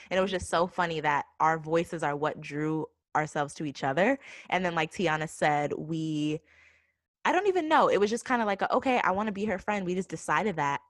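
A woman's voice: sits low, no room sound. A young woman from Boston co-hosting a podcast in casual chat, confident and pleasant-voiced, laughing often. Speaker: podcast co-host.

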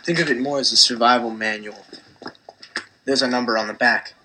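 A man's voice: medium pitch, fairly even intonation, a little fast, sharp tone, slight background noise, close to an everyday voice, rough recording. A man playing a cryptic recruiter from a secret group, in an audio promo, speaking with an ominous, knowing delivery.

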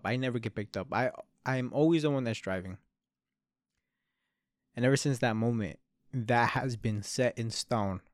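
The clean studio recording, free of room sound, carries the smooth, medium-pitched voice of a twenty-something podcast host. He tells a long story in loose, rambling talk, cursing often and calling the listener dude and bro.

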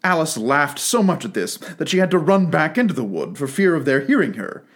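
A man reading a classic storybook aloud with expressive, animated storytelling. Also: on the high side, fairly quick. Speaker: narrator.

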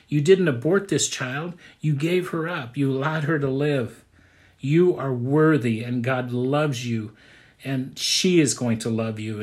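A man preaches in an earnest, conversational way, like a pastor talking to his congregation. His voice sits at an ordinary middle pitch. He leans on repetition to drive each point home. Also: a little mellow. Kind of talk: sermon.

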